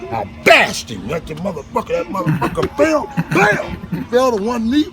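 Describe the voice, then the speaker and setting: A man telling a profane, animated work story to friends, often laughing and shouting. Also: high voice, a little fast, poor audio. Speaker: bricklayer telling work stories. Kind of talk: casual storytelling among friends. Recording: loud music behind.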